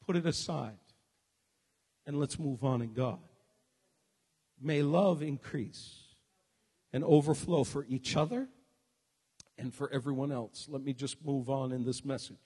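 A male preacher delivering a sermon, moving between quiet reflection and shouted exhortation. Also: medium pitch, measured pace, long pauses, slightly rough, in a large hall.

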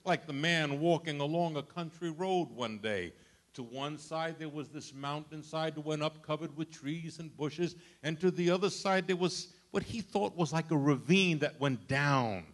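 An older man, a grandfather, preaching a sermon with dramatic storytelling that swings from loud outbursts to hushed asides. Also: high voice. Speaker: pastor.

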